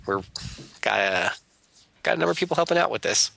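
A man chatting casually as a podcast co-host, with a very bright, forward tone. He rambles and stops often to fill pauses, and his mic sounds dry and close. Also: fairly low pitch, animated, creaky, no echo. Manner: rambling, many filler pauses. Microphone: remote call.

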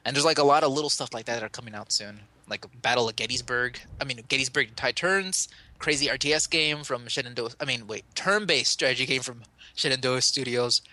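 Bright, rambling man on a podcast. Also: mid-range voice, brisk, dry recording. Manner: rambling, self-correcting, enthusiastic. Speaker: podcast co-host. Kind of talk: casual chat about games.

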